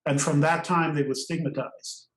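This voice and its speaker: An older man from Trinidad, a podcast guest, telling stories in an animated way and laughing often between phrases. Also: fairly high pitch, moderate pace, echoey room, low-quality recording. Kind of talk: storytelling interview.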